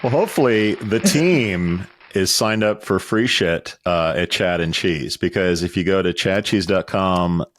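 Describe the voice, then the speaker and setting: Deep-voiced middle-aged podcast host. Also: male voice, measured pace, hardly any pauses, a bit bright, some chatter behind. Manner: chatty, joking, reads promos and lists of names. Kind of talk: casual podcast chat.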